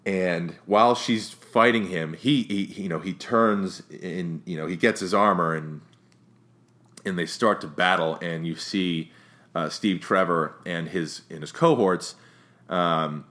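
A man with a very low, deep voice talks through a film review in a loose, offhand way. He rambles and restarts often, and livens up when he gets to his complaints. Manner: rambling, frequent restarts and fillers; opinionated, gets more animated when critiquing. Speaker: movie reviewer. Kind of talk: casual spoken movie review.

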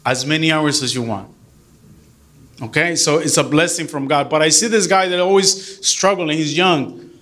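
A middle-aged man who is a deacon, giving an earnest, animated church talk to a group and mixing English with Spanish. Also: on the high side, moderate pace.

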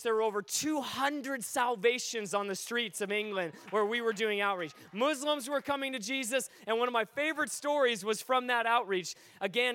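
A man preaching a sermon, telling stories in an animated way that rises to near-shouting at its peaks. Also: high-pitched, clean tone. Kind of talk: sermon storytelling.

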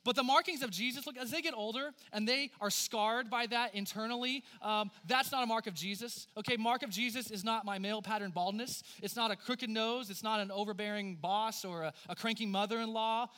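A man in his thirties preaching a sermon as pastor, swinging from forceful emphasis to hushed, near-whispered lines. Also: high voice, a little fast, few pauses. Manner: dynamic preaching, dropping to hushed near-whispers for God's words.

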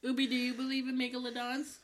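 A woman's voice: high-pitched, completely flat delivery, quick pace, slight background noise. A woman chatting in a bubbly, silly way, giggling and asking her dog playful questions. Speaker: pet owner vlogging. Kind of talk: casual chat.

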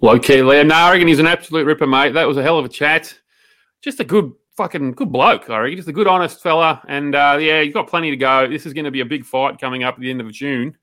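A man's voice: on the high side, quick pace, sharp tone. An Australian man in his thirties co-hosting a podcast, blokey and slangy, ranting with animation. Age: 30s. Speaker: podcast co-host. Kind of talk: casual podcast chat.

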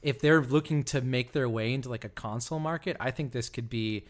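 A man's voice: medium pitch, a little fast. A man co-hosting a podcast in casual chat, thoughtful with playful jokes. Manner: thoughtful, joking, animated. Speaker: podcast co-host.

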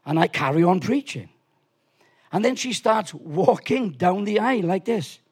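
A man preaching a lively sermon in a church, animated and swinging from quiet asides to shouts. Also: high voice, unhurried, husky. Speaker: pastor.

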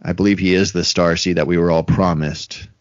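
A man with a deep, level voice talks briskly as co-host of a casual podcast, rambling with plenty of fillers and performed quotes. It's a dry recording with a dull lo-fi quality.

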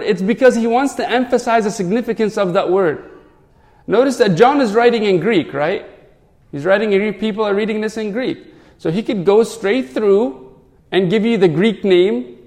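A man's voice: sits high, darkish tone, in a large hall. A man, a priest, giving an earnest sermon full of rhetorical questions.

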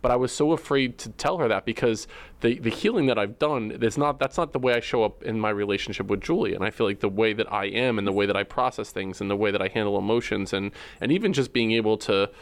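A man's voice: lowish voice, fast talker, no room sound. A man co-hosting a podcast, talking candidly about his feelings with many fillers and restarts. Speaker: podcast co-host. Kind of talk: candid personal conversation.

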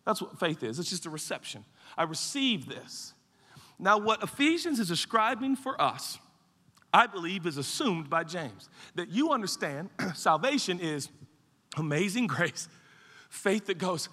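A male pastor delivers a sermon in a very high, piercingly bright voice. He swings between shouted peaks and quiet, low asides. The sound rings with a long reverb from a large hall. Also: expressive, normal speed. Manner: dynamic preaching, swings from shouts to hushed tones.

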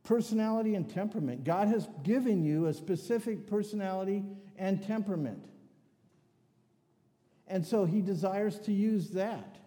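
Mellow-voiced older man preaching in a hall. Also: high voice, moderate pace. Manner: anecdotal, joking asides. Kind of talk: sermon. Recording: long hall reverb.

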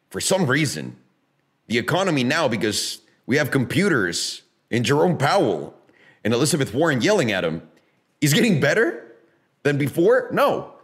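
A man hosting a casual talk show, ranting emphatically with profanity, sarcasm and rhetorical questions. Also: on the high side. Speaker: podcast host. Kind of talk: casual opinionated chat.

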